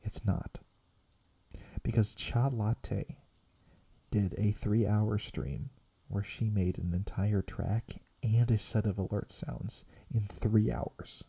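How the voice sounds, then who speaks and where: Very breathy, dark-toned young man murmuring. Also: lowish voice, slow pace. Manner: soft rambling, drifting between quiet voice and whisper. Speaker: VTuber streamer. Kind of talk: soft-spoken ASMR stream chat.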